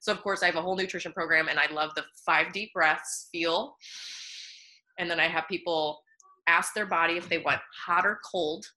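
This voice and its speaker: A woman nutritionist talking in a casual interview, bubbly and animated, laughing often between thoughts. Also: on the low side, moderate pace.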